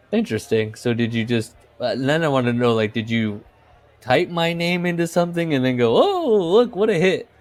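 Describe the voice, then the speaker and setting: Male podcast co-host, loose rambling anecdotes, frequent laughs, salty language. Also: mid-range voice. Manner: rambling storyteller, laughs often, swears. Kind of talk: casual chat.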